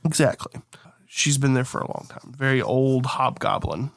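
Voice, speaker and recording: A man's voice: medium pitch, moderate pace, creaky, dry recording, clean studio sound. A man playing a tabletop game, casually describing what his character does. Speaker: player. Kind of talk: tabletop game role-play.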